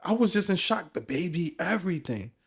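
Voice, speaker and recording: A young man co-hosting a podcast, telling a story in casual chat, animated and excited, with lots of restarts. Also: sits high, fairly quick, gravelly, slightly rough. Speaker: podcast co-host.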